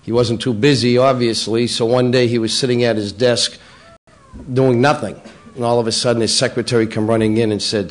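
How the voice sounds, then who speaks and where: A man's voice: mid-range voice, steady tone, a little fast. A middle-aged man, a local politician, telling roast-style jokes and teasing people at a public breakfast. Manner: teasing, jokey, playful. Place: banquet room at a public breakfast.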